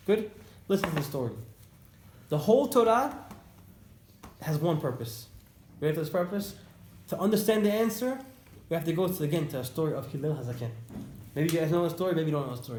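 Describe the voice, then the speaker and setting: A man teaching an informal religious class to students, telling stories in an animated way and repeating phrases for emphasis. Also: high-pitched. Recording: echoey room, faint background noise.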